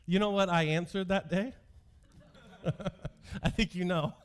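A man's voice: high voice, fairly even intonation, brisk, smooth. A male pastor in his thirties giving a sermon, telling stories from his youth with self-deprecating humor.

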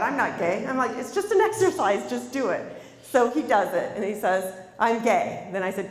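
A middle-aged woman life coach giving a lively motivational talk to an audience, telling stories and asking the crowd questions. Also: medium pitch, normal speed. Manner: storytelling, animated, asks the audience questions. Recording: long hall reverb from a stage.

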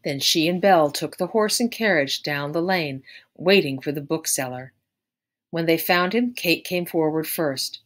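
Low-voiced woman reading a story. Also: normal speed. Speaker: audiobook narrator. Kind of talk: read-aloud narration of a story.

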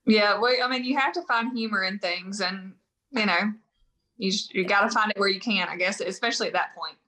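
A woman's voice: mid-range voice, fairly quick, bright, forceful tone. A woman guest on a podcast, giving brief, agreeable and reflective answers. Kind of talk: casual conversation.

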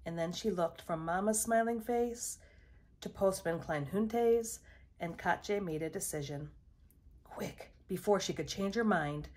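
A woman reading a children's picture book aloud in a measured storytelling voice. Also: medium pitch, darkish tone. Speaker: storybook reader.

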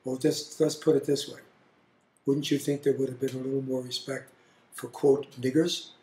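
An older man telling family stories in an interview, blunt and animated. His voice sits at a medium pitch and rings in a roomy, echoey space. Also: normal speed. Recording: roomy echo.

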